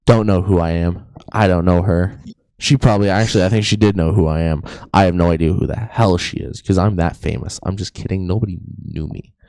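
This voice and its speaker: A man's voice: deep voice, steady tone, a little fast, a little mellow, clean tone, no echo. A young man co-hosting a podcast, telling a story in a joking, rambling way and often saying "anyways". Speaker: podcast co-host. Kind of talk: casual storytelling chat.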